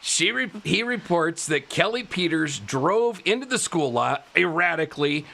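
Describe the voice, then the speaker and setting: A male podcast host telling a true-crime story in a casual way, animated, laughing often and tripping over his words. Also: fairly high pitch, a little slow, creaky, slight background noise. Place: live podcast studio.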